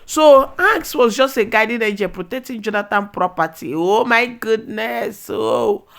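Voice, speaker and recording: A woman with a Nigerian accent casually retelling a movie plot as a vlogger, excitable and full of exclamations, slipping into pidgin. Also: a little high, unhurried, gravelly. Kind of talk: casual storytelling recap.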